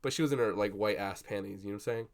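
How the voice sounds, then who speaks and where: A young man chatting casually at his desk about a film he just saw, rambling and swearing with lots of fillers and excited bursts. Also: lowish voice, racing, vocal fry. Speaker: vlogger. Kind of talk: casual movie reaction chat. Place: at a desk indoors. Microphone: computer webcam.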